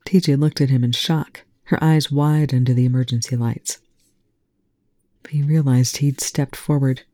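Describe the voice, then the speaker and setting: A reader giving even, measured narration of a fan fiction audiobook. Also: medium pitch, dry recording, studio quality.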